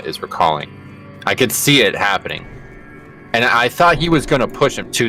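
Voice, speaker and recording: Low-voiced man telling a rambling story. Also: sharp tone. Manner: rambling, swears freely, lots of fillers. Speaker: livestreaming gamer. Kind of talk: casual storytelling chat while gaming.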